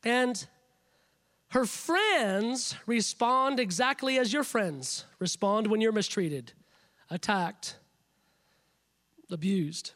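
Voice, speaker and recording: Emphatic high-voiced male preacher. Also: expressive, takes it slowly, long pauses, fairly bright tone. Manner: emphatic, repetitive, building phrases. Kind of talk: sermon.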